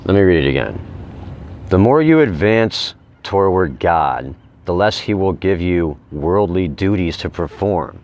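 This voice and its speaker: A man reading inspirational quotes aloud and commenting on them casually, repeating key phrases slowly for emphasis. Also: sits low, animated, a little mellow, highs cut off. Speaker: vlogger.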